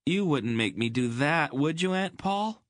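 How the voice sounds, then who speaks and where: A man voices an earnest young farm boy who sounds pleading and incredulous, pitching his voice slightly high, above his own natural one. His delivery has lively intonation and a measured pace, recorded in clean studio sound with no room sound.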